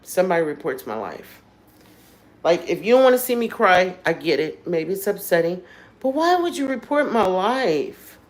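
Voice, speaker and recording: A woman's voice: lowish voice, very animated, normal speed, rough recording. A woman hosting a livestream, talking candidly and emotionally straight to her viewers in a casual way. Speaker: livestream host.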